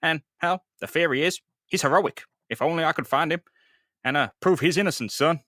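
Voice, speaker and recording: A man's voice: on the high side, a little fast, pushed and bright, no echo, clean studio sound, voice pushed up. A man voicing a folksy, leering older police captain who keeps calling people son. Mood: earnest.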